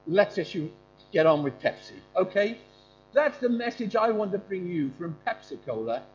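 Male preacher, high and animated delivery, informal talk with questions for the congregation; muffled recording. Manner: animated, quizzing listeners. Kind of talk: informal sermon with questions to the audience. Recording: dull lo-fi with faint hum.

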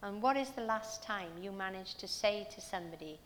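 A woman's voice: medium pitch, brisk, a bit bright, long reverb tail, slight background noise. A woman preaching a sermon in a church, telling stories earnestly and asking her listeners rhetorical questions.

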